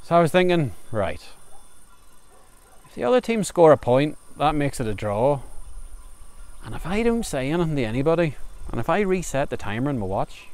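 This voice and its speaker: A man's voice: a little high, sing-song, moderate pace, pauses often, a little mellow. A man telling a humorous folk tale outdoors on a farm, in a chatty yarn-spinning manner. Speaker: storyteller. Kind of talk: spoken folk storytelling. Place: outdoors under a tree on a farm. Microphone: camera recording outdoors.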